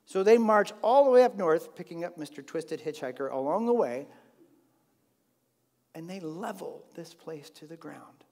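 A man teaching a Bible lesson in an animated, conversational way with frequent restarts. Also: on the high side, normal speed. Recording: long hall reverb.

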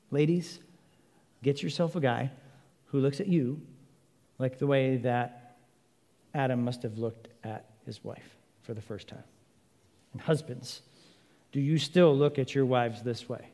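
A man preaching a sermon, an animated storyteller who jokes and acts out little scenes. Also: fairly high pitch, big-room sound. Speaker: pastor.

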